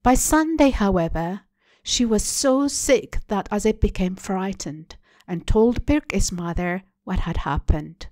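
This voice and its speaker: Slow, deliberate woman reading a story. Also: medium pitch, expressive, darkish tone, no echo. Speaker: story reader. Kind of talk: literary reading.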